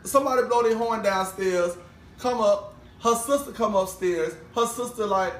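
Young man, casual storyteller, acts out each quoted voice, high voice, distant mic in an echoey room. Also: normal speed, a little hiss or hum. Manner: animated, acts out every quoted voice. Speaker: podcast co-host. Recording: roomy, distant mic with faint ambience.

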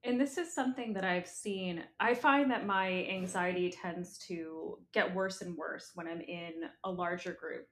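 A woman's voice: on the low side, unhurried, few pauses, slight background noise. A woman co-hosting a podcast as a coach, telling stories about herself with dry, self-deprecating humor. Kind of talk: casual conversational chat. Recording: echoey room.

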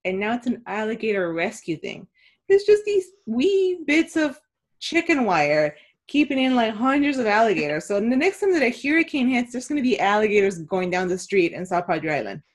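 A woman in her thirties co-hosts a casual podcast. She tells her stories in an animated, excitable way, and her voice jumps up whenever she gets worked up. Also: on the high side, normal speed. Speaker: podcast co-host. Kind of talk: casual chat.

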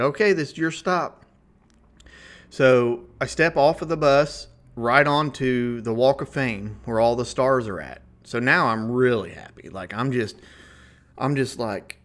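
A folksy man with a rural Ohio River valley twang, spinning a comic travel yarn for his podcast. He talks in a relaxed, chatty way and keeps chuckling at his own stories. His voice sits at an ordinary middle pitch for a man. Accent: Ohio River valley, rural Midwestern. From Ohio, USA. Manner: folksy, chuckling, animated retelling. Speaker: podcast host. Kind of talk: casual comedic storytelling.

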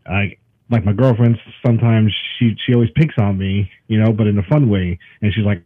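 Husky Brooklyn-accented man, joking. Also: on the low side, steady tone, brisk, no room sound, narrow, tinny audio. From Brooklyn, New York. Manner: joking, laughs often. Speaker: podcast co-host, guest. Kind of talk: casual chat.

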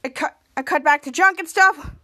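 A woman with a very high voice recaps a TV episode scene by scene for her podcast. She reads the characters' lines with extra lift and stumbles over her words now and then. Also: moderate pace, pushed and bright. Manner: reads quoted lines in a livelier voice, many restarts. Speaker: podcast host.

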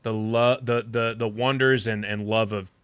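A man co-hosting a podcast in relaxed, rambling chat, laughing often. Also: medium pitch, normal speed, smooth, no echo. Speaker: podcast co-host and voice actor.

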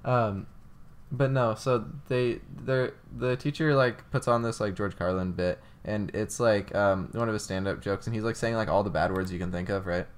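A man's voice: on the low side, steady tone, moderate pace, clear, resonant tone. A young man co-hosting a casual podcast, telling stories in a rambling way with many fillers, restarts and giggles. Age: young adult. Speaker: podcast co-host.

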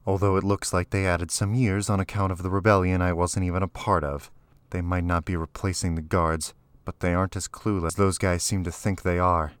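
A man reading aloud, voicing a calm, guarded teenage girl raised in a prison camp, speaking matter-of-factly. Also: low voice, brisk, smooth, no room sound, lightly acted.

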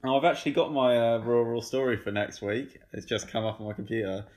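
A man's voice: medium pitch, fast talker, a little mellow. A man co-hosting a podcast in casual chat, with dry, teasing remarks. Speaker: podcast co-host.

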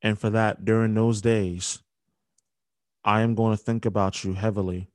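A young man hosting a podcast, speaking a halting, grief-filled dedication with many restarts. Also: lowish voice, flat delivery, dry recording. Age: young adult. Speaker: podcast host. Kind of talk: emotional spoken dedication.

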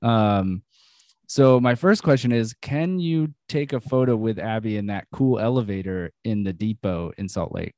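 A man's voice: fairly low pitch, moderate pace, a little mellow, no room sound. A man hosting a podcast in casual, loose banter, swearing and laughing easily. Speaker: podcast host.

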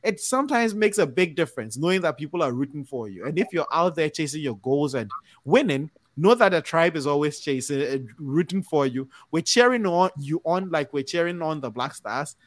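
A man hosting a podcast sign-off, talking in an upbeat, cheering-on way that rambles and restarts. His voice sits fairly high for a man. The recording is dry and close, with no room sound. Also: expressive, brisk, no echo. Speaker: podcast host.

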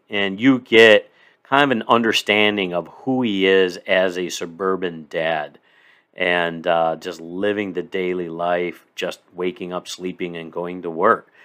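A man's voice: low voice, fairly bright tone. A man from Illinois hosting a casual solo podcast, reviewing a movie in an enthusiastic, rambling way.

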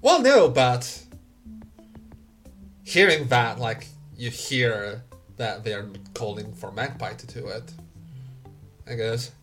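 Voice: lively intonation, slow pace, long pauses, soft background music. Someone doing a taunting, sneering gang boss. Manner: taunting, swings between loud jeers and low sneers. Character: mocking gang leader, sly and menacing.

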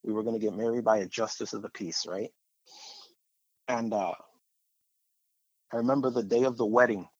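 A man's voice: fairly low pitch, fairly even intonation, moderate pace, pauses often, slightly rough, dry recording, dull audio. A man sharing a personal faith testimony in a conversational, rambling way, with fillers and repeated phrases.

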